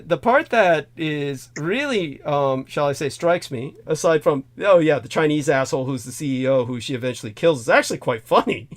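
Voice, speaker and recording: Rambling man, fairly high voice. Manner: rambling, many fillers and restarts, bursts of laughter. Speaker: host. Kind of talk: casual film discussion.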